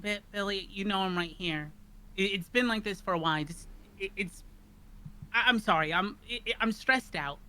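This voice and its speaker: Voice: medium pitch, moderate pace, bright, forceful tone, natural voice. A tabletop player voicing a frustrated man with short-term memory loss who stammers through exasperated questions. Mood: flustered, apologetic.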